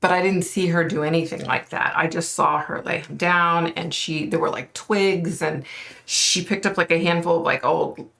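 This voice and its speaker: A woman's voice: on the low side, steady tone, moderate pace, vocal fry, fairly bright tone. A woman vlogger recounting a psychic vision in a loose, rambling way, full of fillers. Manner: rambling, many fillers, points at an imagined map. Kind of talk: casual storytelling to camera.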